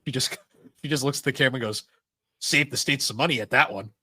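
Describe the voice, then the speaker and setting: Bright, excitable male podcast co-host. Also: medium pitch, fast, breathy edge, no room sound. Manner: enthusiastic, laughs and swears a lot. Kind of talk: casual podcast chat.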